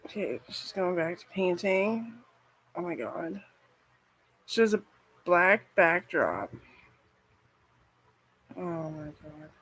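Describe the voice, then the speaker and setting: A woman's voice: on the low side, big pitch swings, takes it slowly, pauses often, a bit bright, slightly rough, rough recording. A woman vlogger chatting casually and rambling, swearing freely and filling her talk with "like". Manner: rambling, profane, frequent "like".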